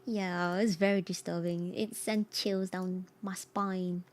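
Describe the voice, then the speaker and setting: A woman streamer with a hoarse, croaky voice, chatting casually and reacting expressively to horror stories, quick to laugh and repeating her exclamations. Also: fairly low pitch, fairly even intonation, noisy background. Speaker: streamer hosting a story night. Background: soft ambient music.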